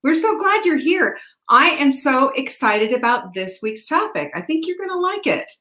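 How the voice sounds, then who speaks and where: A woman hosting a live show, chatting brightly and greeting viewers by name. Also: sits high, sing-song, moderate pace. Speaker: host. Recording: roomy echo.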